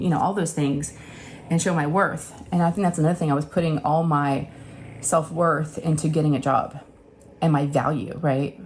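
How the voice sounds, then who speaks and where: A woman's voice: sits low, darkish tone, slight background noise. A woman in her forties, a craft channel host, telling a candid personal story in a rambling, emotional way from her home craft room.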